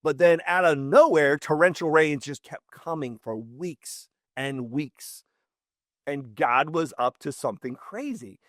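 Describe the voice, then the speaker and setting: A man hosting a history series, telling the story casually and lively, repeating words for emphasis. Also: a little high, measured pace, dry recording, studio quality.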